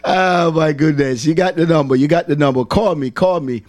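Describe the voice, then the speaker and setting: A middle-aged Jamaican chaplain talking casually to a livestream audience, repeating himself for emphasis and slipping into patois. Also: male voice, on the high side, normal speed, a little mellow. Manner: repetitive, emphatic, slips into patois.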